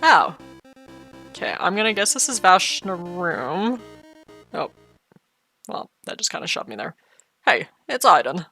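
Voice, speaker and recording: A woman's voice: on the low side, big pitch swings, unhurried, pauses often, sharp tone, faint music behind. A woman casually commenting as she plays a video game, joking and chatting in a playful way. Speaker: let's play host.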